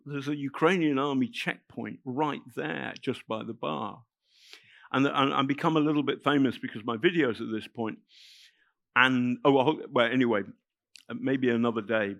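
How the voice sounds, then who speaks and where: A middle-aged man, telling a personal story to an audience in a halting, emotional way with many restarts. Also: mid-range voice, creaky, fairly bright tone, dry recording, clean studio sound. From England. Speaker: festival speaker telling a story. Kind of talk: spoken anecdote to a live audience.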